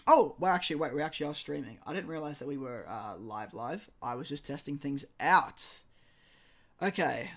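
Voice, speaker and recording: A man with a hoarse, croaky voice, a maths teacher live-streaming exam tutoring from home and chatting with viewers. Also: fairly high pitch, expressive, moderate pace, fairly bright tone. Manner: chatty, apologetic, reads viewer chat aloud. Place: at home, indoors. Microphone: streaming microphone.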